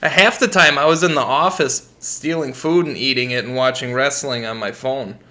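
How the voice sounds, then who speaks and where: A man's voice: mid-range voice, normal speed, bright, forceful tone. A young American man co-hosting a podcast, telling profane work stories in casual chat and laughing often. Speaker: podcast co-host.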